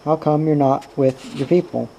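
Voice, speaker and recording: A man's voice: a little high, moderate pace, vocal fry, warm tone, slight background noise, low-quality recording. A man reading the lines of a bitter, guarded young mother, with curt, cutting replies. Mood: cold.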